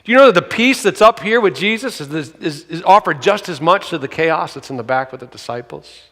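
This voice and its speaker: Man, pastor, sermon storytelling, high-pitched, long hall reverb. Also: brisk. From grew up in a city. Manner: animated, acts out quoted voices, shouts for emphasis. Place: church sanctuary.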